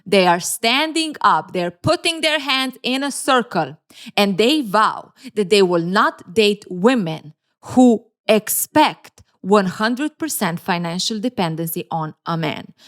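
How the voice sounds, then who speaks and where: A woman's voice: mid-range voice, a little slow. Sarcastic woman giving casual video commentary. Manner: sarcastic, teasing, laughs often; animated, playful asides. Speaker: relationship commentary YouTuber.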